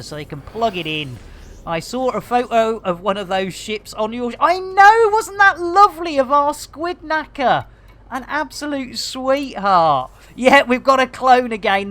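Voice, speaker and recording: An English woman with a voice in the middle of the range talks through her game on a live stream. Her chat is cheeky and sweary, full of British slang, and she keeps reading out and answering her viewers. A faint background noise runs under her voice. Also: medium pitch. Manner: chatty, talks to viewers and reads chat aloud. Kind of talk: casual live-stream commentary.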